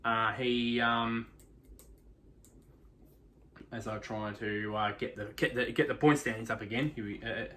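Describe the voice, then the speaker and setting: Guy rambling through a supercross-style race recap, keeps restarting sentences, lots of uh and um, bright sharp voice. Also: mid-range voice, steady tone, unhurried, long pauses. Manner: rambling, constant restarts and fillers. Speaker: motorsport video reviewer. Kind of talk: casual race review monologue.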